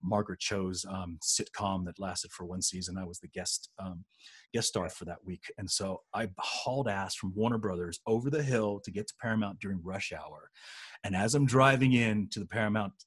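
Husky man telling stories. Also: sits low, normal speed. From United States. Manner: animated anecdotes with frequent restarts. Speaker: podcast co-host. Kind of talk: casual storytelling.

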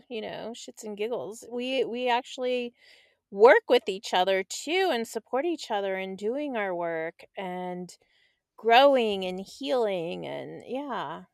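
A woman's voice: on the high side, animated, slow pace, vocal fry, no echo, clean studio sound. A woman with an American accent co-hosting a podcast in casual chat, giggly and agreeable. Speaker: podcast co-host.

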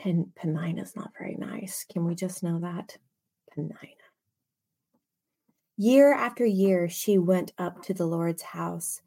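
A woman leading a casual Bible study, reading scripture aloud with expressive emphasis and chatty asides. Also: on the low side, normal speed, vocal fry, husky. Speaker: Bible teacher.

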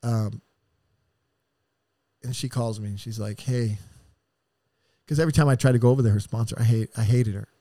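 This mid-range, steady, dark-toned voice belongs to a middle-aged man opening up on a podcast about a painful experience. He is raw, profane and heartfelt, sighing and halting as he restarts. There is no room sound.

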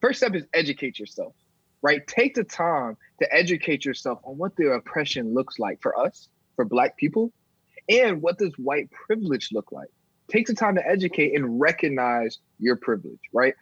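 A man co-hosting a podcast, steering the talk in a measured way and often repeating words as he starts. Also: on the high side, big pitch swings, a bit bright, breathy edge, no room sound. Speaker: podcast co-host. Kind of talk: podcast discussion. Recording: dry, dull sound.

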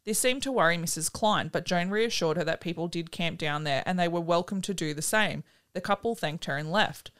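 A woman's voice: fairly low pitch, brisk, hardly any pauses, a bit bright, clean tone. A woman hosting a podcast, chatting casually and telling a story, swearing freely. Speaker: podcast host.

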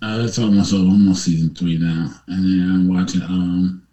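A man's voice: low-pitched, flat delivery, moderate pace, crowd noise. A man in his late thirties co-hosting a casual podcast chat, laid-back and slangy, laughing often. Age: 30s.

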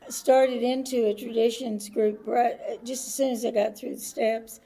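Earnest lady, kinda high and gravelly, dark tone. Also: flat delivery, normal speed. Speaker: conference attendee, AA member. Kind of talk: casual interview answers.

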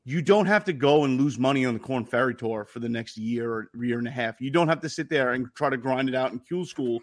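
A man's voice: mid-range voice, brisk. A man co-hosting a sports podcast, telling stories in casual chat, swearing freely and acting out the people he quotes. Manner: profane, animated storytelling. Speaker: podcast co-host.

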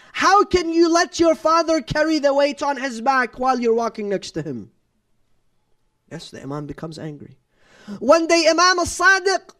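A man's voice: very high voice, a bit bright. A man preaching a sermon in a conversational way, asking rhetorical questions, repeating "no, no, no" for emphasis and dropping in Arabic religious terms. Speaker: Islamic preacher. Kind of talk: sermon lecture.

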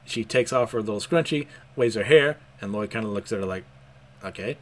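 A man's voice: fairly low pitch, fairly quick. A man casually recapping a cartoon episode, laughing often as he retells it. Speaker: anime recap host.

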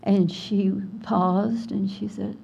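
An older woman from Alabama, telling an animated story as a guest speaker at a writers conference. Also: mid-range voice, slow, creaky, breathy edge, muffled recording. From Alabama, USA. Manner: animated storyteller, acts out quoted voices. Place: conference hall.

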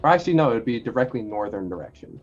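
Male game master, mid-pitch, casual narration over a dull online-call recording. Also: very fast, soft background music. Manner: relaxed, laughing, adds sound effects.

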